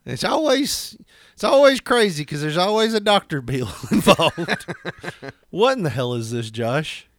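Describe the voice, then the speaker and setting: A man's voice: a little high, big pitch swings, measured pace. A man co-hosting a casual podcast, teasing and laughing a lot as he talks. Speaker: podcast co-host. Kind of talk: casual chat.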